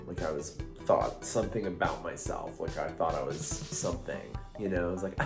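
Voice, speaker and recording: Panelist: a very deep-voiced man who mocks himself, recorded in an echoey room. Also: normal speed, hardly any pauses, over music. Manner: self-mocking. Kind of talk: casual panel chat.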